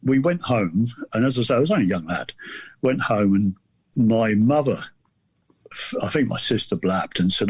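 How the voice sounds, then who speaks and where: Podcast guest, man about 60, husky tone, dry sound, loose amused storyteller. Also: lowish voice, expressive, moderate pace, dry recording. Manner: rambling, amused anecdote telling. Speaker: guest author. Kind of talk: casual storytelling chat.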